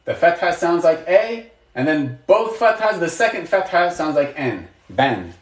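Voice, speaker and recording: A man's voice: fairly high pitch, lively intonation, moderate pace, echoey room. Encouraging man teaching to a live chat. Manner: patient, encouraging, asks questions and praises. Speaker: Arabic teacher. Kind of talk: live online lesson.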